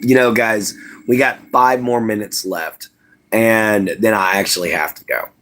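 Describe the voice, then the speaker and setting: A man chatting casually to viewers on a live stream, rambling and relaxed, with lots of "you know" and "man". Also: lowish voice, unhurried. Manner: laid-back, rambling, says "you know" and "man" a lot.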